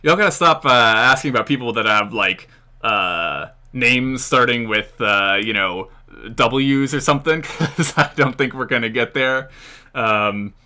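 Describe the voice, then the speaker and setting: A man's voice: medium pitch, measured pace, pushed and bright. An American man hosting a casual live-stream Q&A, rambling with many fillers and frequent chuckles. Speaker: history channel host.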